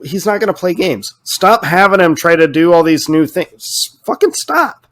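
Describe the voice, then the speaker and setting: Ranting, animated man on a podcast. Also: a little high, moderate pace. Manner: animated, ranting, swears freely. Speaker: podcast co-host. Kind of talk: casual podcast chat.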